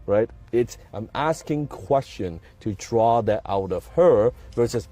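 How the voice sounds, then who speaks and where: Man with a deep, warm voice, speaking emphatically. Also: expressive, takes it slowly, hardly any pauses, soft background music. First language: not English. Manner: emphatic, repeats key phrases, asks rhetorical questions. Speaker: motivational speaker. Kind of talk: motivational talk to camera.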